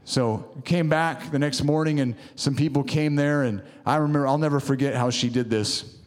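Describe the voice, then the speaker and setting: A man's voice: on the high side, steady tone, moderate pace. A man preaching a sermon in church, fervent and exhorting, often urging the room on. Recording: long reverb of a large hall.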